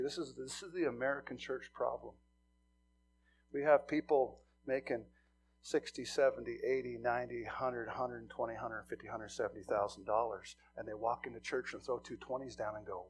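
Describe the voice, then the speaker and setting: A middle-aged man from Montana preaching a sermon, telling stories with swings from hushed asides to loud emphasis. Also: medium pitch, moderate pace, slightly rough. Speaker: pastor.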